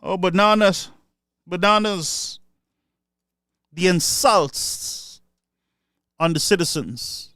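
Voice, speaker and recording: Fiery high-voiced Saint Lucian man. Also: slow, long pauses, bright, forceful tone, dry recording, studio quality. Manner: sarcastic, mocking and fiery. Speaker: political commentator. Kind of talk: impassioned political speech.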